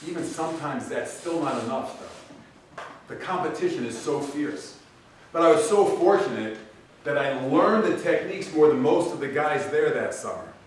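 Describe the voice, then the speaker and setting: A middle-aged man giving a graduation speech, an animated storyteller who acts out the people he quotes. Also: on the high side, normal speed, a little hiss or hum. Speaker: commencement speaker. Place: large event hall. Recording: echoey hall, voice from far off.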